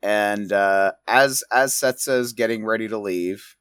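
A man's voice: fairly low pitch, unhurried, fairly bright tone, smooth, dry recording, studio quality. A man running a tabletop game as game master, narrating casually and with some swearing.

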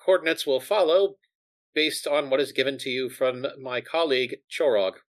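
A man's voice: medium pitch, moderate pace, natural voice. A man voicing a composed female starship commander in a tabletop game, giving formal, clipped orders. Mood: commanding.

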